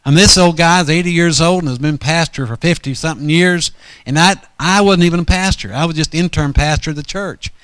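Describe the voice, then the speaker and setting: Man, preacher, storytelling sermon, folksy, rambling, self-correcting, slightly high voice, dry sound. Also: brisk, a bit bright, clean tone, no room sound.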